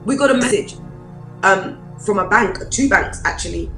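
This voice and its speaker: A woman pastor, preaching a personal testimony in an animated storytelling way. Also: medium pitch, normal speed, vocal fry, roomy sound, soft background music, poor audio. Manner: animated storyteller, acts out quoted voices.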